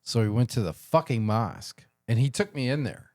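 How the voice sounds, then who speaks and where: A man's voice: mid-range voice, animated, brisk, a little mellow. Profane, jokey man hosting a podcast. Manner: profane, jokey, laughs often. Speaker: podcast host. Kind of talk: casual crude podcast chat.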